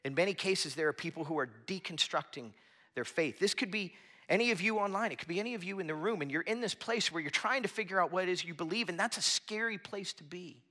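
A man with a bright, fairly high voice preaches a sermon to a small church gathering. He talks earnestly and conversationally, circling back and restarting his phrases as he builds his point. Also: fast. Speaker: pastor. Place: church hall with a small audience.

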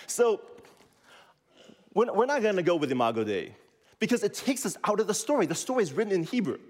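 A male pastor preaches with a lively, rising and falling voice that has a husky edge. He teaches with call-and-response, asking the listeners to repeat after him. The sound carries a long hall echo. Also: high-pitched, a little fast. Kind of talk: sermon.

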